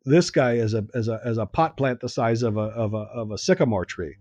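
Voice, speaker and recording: A man's voice: mid-range voice, fairly quick, darkish tone, no echo. A man on a podcast telling a story in casual chat, acting out the dialogue and laughing often.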